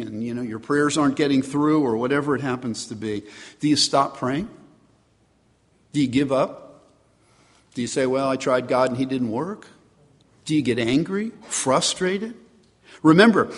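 Man preaching with earnest rhetorical questions, somewhat high-pitched, long hall reverb. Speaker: pastor. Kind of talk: sermon.

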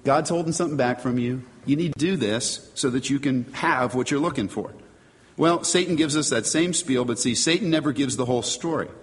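A man preaching a sermon, earnest and emphatic, reading scripture aloud and driving points home with measured pauses. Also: mid-range voice, in a large hall. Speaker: pastor.

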